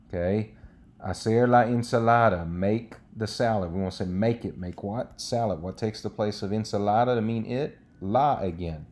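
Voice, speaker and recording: A man's voice: low-pitched, mellow. A man teaching a recorded Spanish lesson, explaining step by step in a patient way with frequent checks like "okay".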